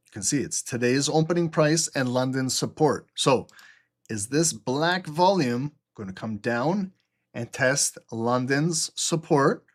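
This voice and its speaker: A man hosting a trading livestream, explaining the market live and often checking in with "okay?" while answering viewer chat. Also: mid-range voice.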